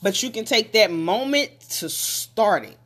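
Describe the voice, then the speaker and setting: A motivational speaker addresses listeners head-on with repeated, emphatic phrases. The delivery builds from reflective to forceful urging. Questions are fired straight at the audience, and the voice sits at a middle pitch. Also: lively intonation, measured pace.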